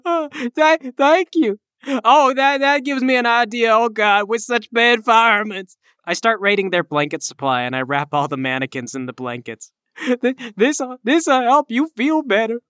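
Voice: mid-range voice, animated, moderate pace, fairly bright tone, clear, resonant tone, no room sound, studio quality. A player acting out their character with frantic, over-the-top comic delivery in a tabletop game.

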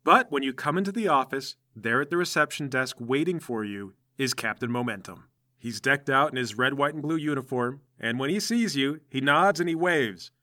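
A man's voice: mid-range voice, moderate pace, pushed and bright. A man narrating a second-person story in a casual, conversational way.

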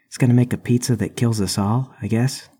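A man's voice: mid-range voice, steady tone, brisk, warm tone, breathy edge. A man playing a tabletop game, speaking in character in a dry, understated way. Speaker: player.

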